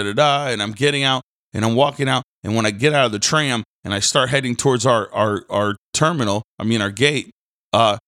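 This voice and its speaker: A man, a minister hosting a faith podcast, who talks casually and rambles through animated stories. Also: mid-range voice, no echo, clean studio sound.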